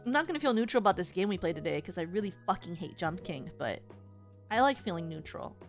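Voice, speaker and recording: A woman's voice: lowish voice, animated, quick pace, faint music behind. A woman streamer chatting casually to her viewers in a rambling way, with many filler words.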